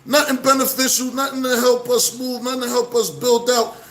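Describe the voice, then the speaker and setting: A man with a Brooklyn accent talking casually to camera, animated, full of street slang and repeated shout-outs. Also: extremely high pitch, fairly quick, noisy background. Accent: New York, Brooklyn. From Brooklyn, New York. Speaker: vlogger. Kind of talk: casual direct-to-camera monologue.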